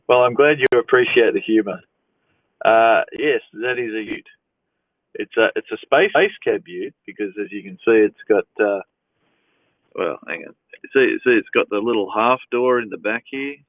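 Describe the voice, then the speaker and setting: Here a fairly low-voiced man runs a relaxed livestream Q&A, chuckling a lot as he reads questions from chat in an amused, easygoing tone. There's no room sound; the phone recording comes across dry and tinny.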